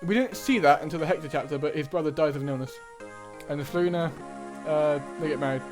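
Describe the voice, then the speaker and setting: A man's voice: a little high, fast talker, over music. A man casually commenting while playing and reading through a video game, with offhand asides. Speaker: video game player narrating. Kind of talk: casual let's-play commentary.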